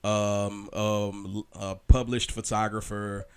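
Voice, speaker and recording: A man's voice: on the low side, little pitch movement, slow, darkish tone, smooth. A young adult man, a candy company founder, chatting casually and rambling with many fillers. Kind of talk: casual chat.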